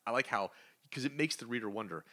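A man co-hosting a comic book podcast, retelling stories with lively, acted-out character lines. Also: mid-range voice, quick pace. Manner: animated storyteller, acts out characters' lines. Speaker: podcast co-host. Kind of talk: casual comic book review chat.

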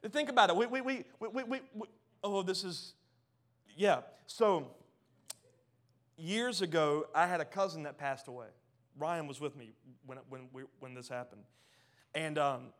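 A man with a high-set voice preaches with fervor, swinging between loud, emphatic bursts and quiet, low asides. He often stumbles and repeats words as he pushes his point. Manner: passionate, builds to loud emphatic peaks then drops low and soft. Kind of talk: sermon.

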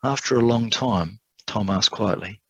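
A man's voice: on the low side, unhurried, slightly rough, no room sound, dull audio. A man preacher narrating a parable in a sermon, with dramatic storytelling.

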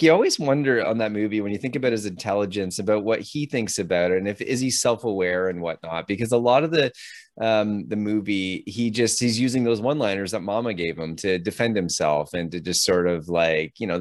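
A man with a lowish voice talks casually, retelling film scenes with plenty of laughter and energy. The sound is dry and close, with no room around it. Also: fairly quick, no echo. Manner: animated storyteller, laughs often, acts out quotes. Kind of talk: casual chat about a film.

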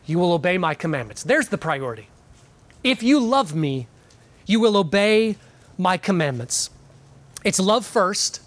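A man's voice: sits high, a bit bright, dry recording. A man preaching a sermon earnestly, with frequent "um"s, repeating key words for emphasis. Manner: pauses with frequent fillers.

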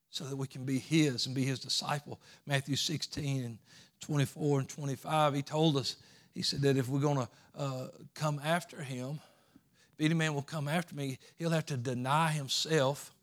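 A male preacher delivering a sermon, climbing to shouted peaks and then dropping into low, quick asides with repeated words. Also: steady tone.

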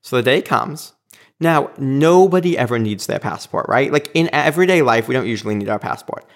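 Man telling a lively personal story. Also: mid-range voice, brisk. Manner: animated, acts out quoted lines. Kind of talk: casual anecdote telling.

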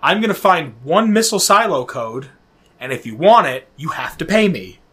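High-voiced profane podcast guy. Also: moderate pace. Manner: profane, joking, animated. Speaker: podcast co-host. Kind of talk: casual gaming podcast chat.

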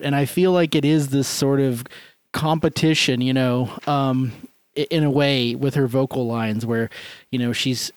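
A man's voice: medium pitch, dry recording. A man co-hosting a music podcast, sharing eager, rambling theories about songs. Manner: enthusiastic, rambling, laughs often. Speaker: podcast co-host. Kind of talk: casual chat about music.

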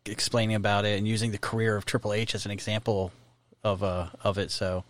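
A man's voice: on the low side, level tone, fast, dry recording. A man in casual movie chat who rambles through trivia with many fillers.

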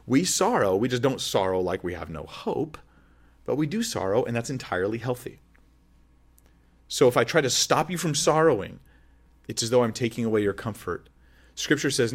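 A man speaking as a pastor in a Bible teaching sermon, earnest and conversational, often asking the audience questions. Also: medium pitch.

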